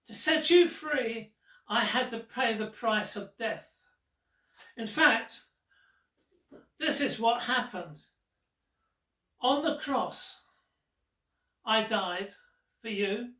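A man voicing a slow, gentle Jesus. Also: extremely high pitch, expressive, exaggerated voice. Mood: earnest. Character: gentle male Jesus speaking kindly. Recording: roomy echo, distant mic.

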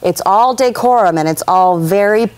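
A woman from Los Angeles, a guest on a chat show, telling childhood stories in an animated, emphatic way. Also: mid-range voice, moderate pace, clear, resonant tone. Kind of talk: casual storytelling.

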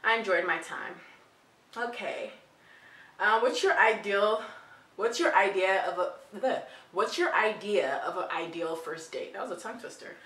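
A woman's voice: medium pitch, normal speed, bright, forceful tone. A young woman vlogger chatting playfully through tag questions, with giggly asides. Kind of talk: casual chat answering tag questions. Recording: roomy, distant from the mic.

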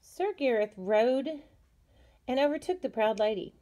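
Woman, storybook reader for a class, warm mellow tone, gentle unhurried delivery. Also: fairly high pitch, lively intonation. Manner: gentle, unhurried reading with small slips. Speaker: teacher reading aloud. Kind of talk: storybook read-aloud.

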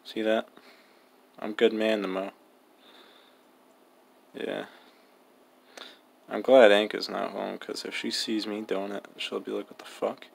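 A man's voice: fairly low pitch, little pitch movement, slow pace, creaky, long pauses. A young man giving casual, joking gameplay commentary, mumbling and swearing freely. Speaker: gaming vlogger.

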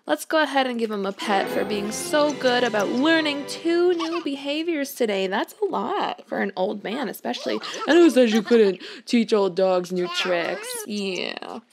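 Playing a life-sim game in her home room, a streamer talks in a slightly high, animated, creaky voice at a moderate pace with few pauses, music in the background. She's chatty and giggly, often speaking to the characters.

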